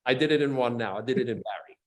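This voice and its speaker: A man in his fifties, an action actor guest, telling stories in a lively way, acting out sound effects and often laughing as he talks. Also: mid-range voice, rapid-fire. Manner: animated storyteller acting out quotes and sound effects. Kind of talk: casual storytelling interview.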